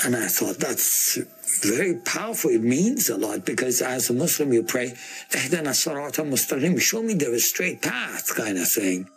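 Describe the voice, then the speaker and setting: A man's voice: mid-range voice, big pitch swings, faint music behind. A man from Iran, giving an earnest, emotional personal testimony in an interview. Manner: earnest, measured storytelling.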